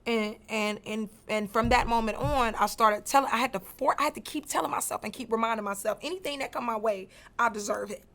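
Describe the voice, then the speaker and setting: A woman's voice: fairly high pitch, a little fast, hardly any pauses. A woman, telling stories as a guest in a casual interview. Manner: animated, swings from quiet to loud, laughs while telling.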